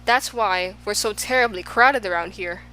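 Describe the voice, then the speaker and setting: A woman plays an exclaiming, fickle man in a storybook reading, his voice pitched a little higher than her narration and louder. He swings from boasting to sighing. A faint hum sits under the recording. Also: moderate pace, close to an everyday voice, poor audio. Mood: rueful. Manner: exclaiming, swinging between moods. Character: excitable, fickle man of all extremes.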